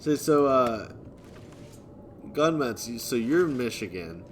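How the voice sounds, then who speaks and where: A man live-streaming, reading and answering viewer chat in a relaxed way, chuckling often. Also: medium pitch, takes it slowly, slight background noise. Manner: laid-back, chuckling often, thanking viewers.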